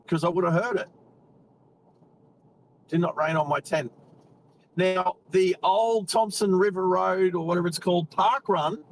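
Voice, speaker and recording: A chatty Australian man talks from behind the wheel, hosting a live stream as he drives. His voice sits a little higher than most men's, and his talk is loose and rambling. He keeps greeting viewers by name as he goes. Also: a little hiss or hum, poor audio. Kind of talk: casual live-stream chat. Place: in a car while driving.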